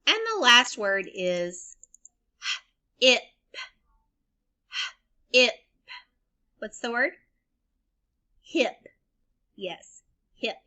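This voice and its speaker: Bright-voiced teacher spelling slowly for kids. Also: female voice, on the high side, big pitch swings. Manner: slow, deliberate spelling and sound-blending for kids. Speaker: elementary school teacher. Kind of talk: remote phonics lesson for young children.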